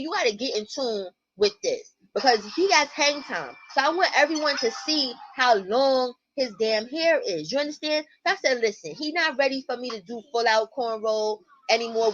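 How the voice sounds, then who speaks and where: A woman, host of a casual livestream, telling stories to her viewers at home in a blunt, profane, animated way. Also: high voice. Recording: muffled lo-fi stream audio.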